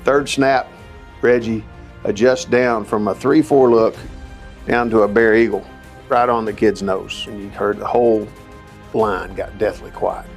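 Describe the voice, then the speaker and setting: Man, gravelly voice, animated story, former lineman. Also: lowish voice, measured pace, faint music behind. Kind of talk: storytelling anecdote.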